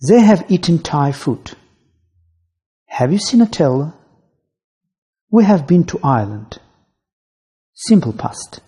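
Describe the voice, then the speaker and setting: Slow, dark-voiced male grammar teacher. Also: a little high. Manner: slow, deliberate reading with lively ups and downs. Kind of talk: scripted grammar lesson read aloud.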